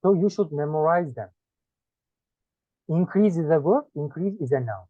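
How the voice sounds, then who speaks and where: A man with a Turkish accent, whose first language is Turkish, teaching English one-on-one and listing words one by one with pauses. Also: on the high side, expressive, dry recording. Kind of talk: one-on-one lesson. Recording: dry tinny phone-like sound.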